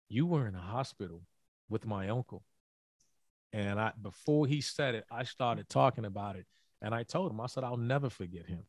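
A middle-aged man, a former college basketball player, telling an earnest story in a podcast interview, often halting and repeating words. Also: fairly low pitch, no echo.

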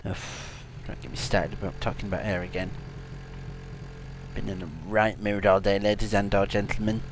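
A man hosting a comedic let's-play, excitable, silly and teasing as he talks over the game. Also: lowish voice, normal speed, background noise. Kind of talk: comedic gaming commentary.

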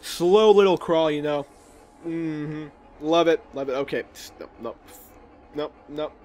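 A young man casually commenting while playing a video game, chatty and jokey with quick reactions. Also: on the high side, darkish tone. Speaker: gaming video host. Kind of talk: casual let's play commentary.

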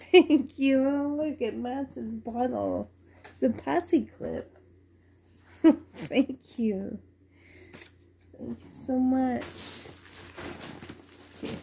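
Woman unboxing at home, super slow, gravelly and mellow, keeps going all whispery. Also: high-pitched, a little hiss or hum. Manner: gushing, often dropping to a whisper. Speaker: reborn doll collector unboxing a doll. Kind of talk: casual unboxing vlog.

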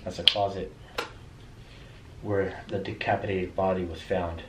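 A young man vlogging a night of ghost hunting in a hotel room, talking in hushed tones and calling out to spirits. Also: sits low, flat delivery, measured pace. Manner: hushed then suddenly loud, calling out to spirits. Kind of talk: casual ghost-hunting vlog. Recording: echoey room, clear background noise.

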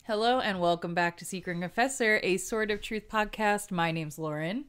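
A woman's voice: medium pitch, normal speed, a bit bright, faint music behind. A woman co-hosting a book podcast in casual chat, who laughs often. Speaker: podcast co-host.

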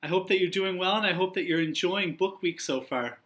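A young man, a teacher, reading a picture book aloud to young children in an encouraging, expressive way. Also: sits high, brisk.

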